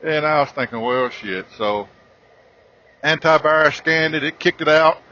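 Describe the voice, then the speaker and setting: A man spins a comic story, rambling and swearing freely with animated delivery. His voice is bright and a touch higher than most men's. The recording sounds dull and lo-fi. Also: moderate pace. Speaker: podcast host.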